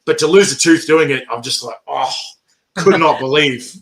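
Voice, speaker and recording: A man, chatting casually as the interviewer. His voice sits a little high and rings bright and forceful. He tells lively stories and laughs often. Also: moderate pace. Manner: animated storytelling, laughs often. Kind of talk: casual chat.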